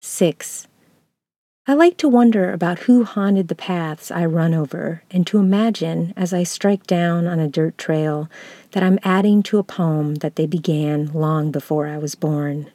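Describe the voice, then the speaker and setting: Slow, mellow-voiced woman reading reflectively. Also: lowish voice, no echo. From United States. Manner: slow, measured, contemplative delivery. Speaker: lecturer. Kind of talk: reading a reflective essay aloud.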